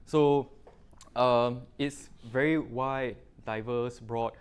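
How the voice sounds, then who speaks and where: A middle-aged man with a Singaporean English accent presents a technical talk to a room. He speaks loosely, with frequent fillers and local particles, in a mid-range pitch. His delivery sounds like a relaxed guest lecture. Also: drawn-out words, clean tone.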